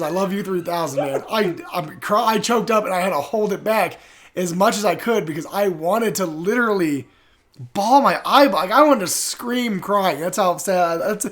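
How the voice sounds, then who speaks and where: A man's voice: high voice, animated, fairly quick, a bit bright. A man co-hosting a casual movie talk stream, talking emotionally and repeating himself. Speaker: movie podcast co-host. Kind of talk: casual chat reacting to a movie.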